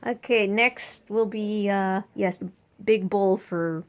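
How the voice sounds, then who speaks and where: A woman vlogging at home beside her birdcages, chatting playfully and cooing at her pet birds in a high, sing-song voice. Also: steady tone, slow pace. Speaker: bird owner and vlogger.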